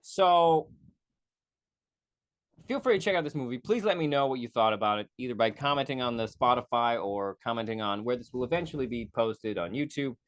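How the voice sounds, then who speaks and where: A man talks through a movie review on his own podcast in a loose, rambling way, stopping to correct himself and tossing in the odd swear. He slips into quick mocking voices and then drops back to his plain, mid-pitched speaking voice. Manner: profane asides. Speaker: podcast host. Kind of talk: casual solo movie review.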